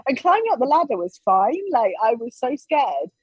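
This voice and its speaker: Her voice is husky and on the high side, moving at a normal speed. Appearing as a guest on a podcast, she tells stories in easy conversation and animatedly acts out others' lines. The recording is dry and a little dull.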